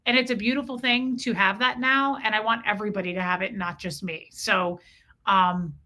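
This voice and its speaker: A woman's voice: medium pitch, fairly even intonation, normal speed. A woman hosting a casual live stream, reading chat messages aloud and greeting viewers by name, talking in an effusive, repetitive way. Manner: effusive, repeats herself, shout-outs to chat names. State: cold, freezing. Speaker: livestream host. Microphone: streaming mic.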